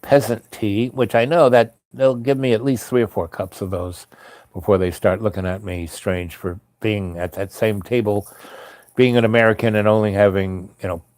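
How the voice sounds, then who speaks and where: A man's voice: on the low side, steady tone, moderate pace, darkish tone, no room sound. A man telling a personal travel story in a casual, rambling way, full of fillers and restarts.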